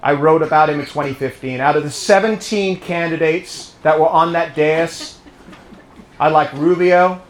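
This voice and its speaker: A man's voice: on the high side, moderate pace. An English-born man with a British accent giving a political speech to a club audience, telling stories and quizzing the crowd. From England. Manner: storytelling, rallying, quizzes the audience. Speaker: guest speaker. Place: private home, live audience. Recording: echoey room.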